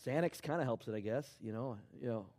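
A middle-aged man preaching a sermon, dropping to a hush and then rising to loud, emphatic shouts. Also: mid-range voice, fast. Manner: swings from hushed to shouting in acted quotes. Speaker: pastor.

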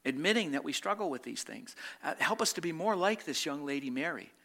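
A man preaching a sermon, asking rhetorical questions and repeating phrases, moving between loud emphatic stretches and quiet, slowed reflective ones. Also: fairly high pitch, lively intonation, creaky. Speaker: pastor.

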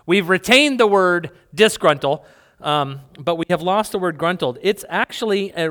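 A man's voice: high-pitched, sharp tone. A man preaching a sermon to a congregation in a church hall, conversational and playful, with asides to the people in front of him. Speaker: pastor.

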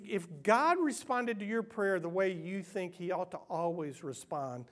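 A middle-aged man preaching a sermon, animated and self-mocking, moving between hushed earnest stretches and loud playful ones. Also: sits high. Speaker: pastor.

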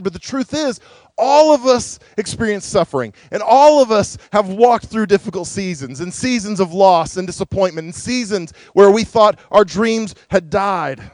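Male pastor, higher voice, earnest sermon delivery, dry close recording. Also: no room sound. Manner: earnest, preacherly, drops to a hushed voice on scripture.

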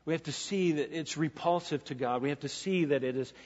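A pastor preaching to his congregation, a man with a slightly high, husky voice. He talks earnestly and repeats key phrases to drive them home. His words ring out with a long echo through a church sanctuary, on a dull, lo-fi recording. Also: a little fast, a little mellow. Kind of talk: sermon.

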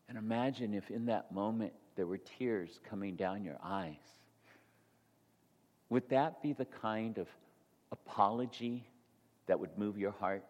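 A male pastor delivering a sermon, ranging from hushed, near-whispered passages to loud, rising exhortation. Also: fairly low pitch, measured pace, pauses often. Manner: shifts from soft, near-whispered confession to loud, rising preaching. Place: church sanctuary. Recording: long hall reverb in a church.

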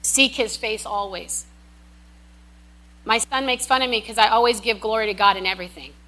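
A woman preacher gives a sermon at normal speed in a high, ringing voice. She's emphatic, repeating key lines for weight and breaking into animated asides.

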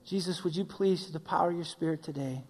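Pastor guy preaching, high voice, big hall reverb, asks the crowd's questions himself. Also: fast talker, a little mellow, husky. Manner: preaching with questions voiced for the listeners, ends in prayer. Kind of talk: sermon.

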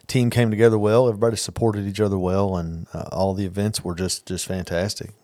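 A man on a church podcast talks sincerely, sometimes losing his train of thought. His voice is fairly low and the sound is dry and close. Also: level tone, fast, mellow, dry recording. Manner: sincere, loses his thread. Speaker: church staff member. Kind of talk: casual church podcast chat. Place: church office studio.

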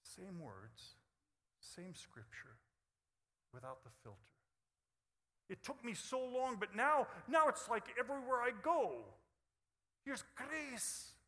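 A man's voice: very high-pitched, big pitch swings, takes it slowly, pauses often. Emphatic preacher man in an echoing hall. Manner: emphatic, swings between quiet intimacy and loud bursts. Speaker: pastor. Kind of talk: sermon.

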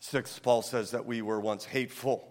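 A man preaching a sermon to his congregation, animated, breaking into loud mock outrage when he quotes people. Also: mid-range voice, moderate pace. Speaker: pastor. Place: church sanctuary. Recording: long hall reverb.

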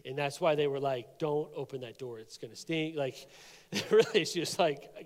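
A man's voice: on the high side, normal speed, big-room sound. A man preaching a sermon, reading scripture aloud and commenting on it in a casual, conversational way. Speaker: pastor.

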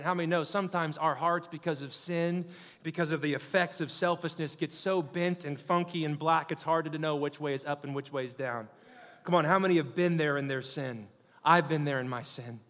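A man's voice: a little high, big-room sound. A man in his thirties preaching a sermon, calling out to the congregation and building to fervent peaks. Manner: call-and-response, rising to fervent shouting.

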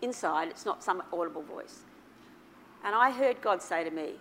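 A woman preaching a sermon to her church, telling a personal story with big swings between soft, quiet passages and loud, excited ones. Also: on the low side, moderate pace, a little hiss or hum. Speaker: pastor.

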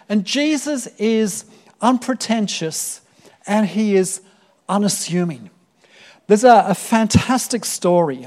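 High-voiced earnest male preacher. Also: warm tone. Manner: earnest, with many fillers and repeated words. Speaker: pastor. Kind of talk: sermon.

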